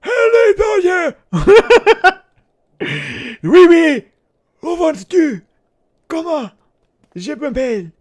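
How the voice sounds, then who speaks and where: A game player voicing an out-of-breath dark wizard with a put-on French accent, pitched high. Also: big pitch swings, extremely slow, pauses often, heavily acted. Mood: silly.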